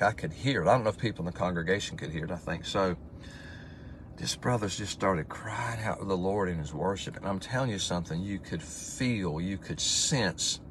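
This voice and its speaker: A pastor with a low-pitched, slightly bright voice reads Bible verses aloud with rising emphasis, then discusses them informally in devotional teaching. He's conversational, using fillers and restarts, and the recording has a little hiss or hum.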